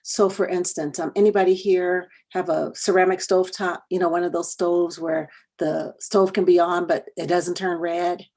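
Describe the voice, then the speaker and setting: A woman's voice: fairly low pitch, little pitch movement, normal speed, few pauses, a little mellow. A middle-aged woman presenting a workshop, telling a personal story in a conversational way and often repeating words. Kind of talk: storytelling talk to parents and educators.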